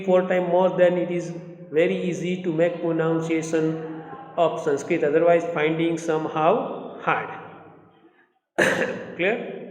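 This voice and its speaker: A male school teacher from India with a Gujarati accent, explaining a Sanskrit lesson in English and drilling pronunciation slowly, repeating words. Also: sits high. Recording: echoey room with long reverb.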